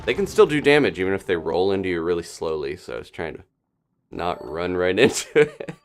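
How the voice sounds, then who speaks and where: A man casually commentating his own gameplay on a live stream, chatting and thinking aloud with quick little laughs. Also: sits low, sing-song, faint music behind. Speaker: gaming streamer.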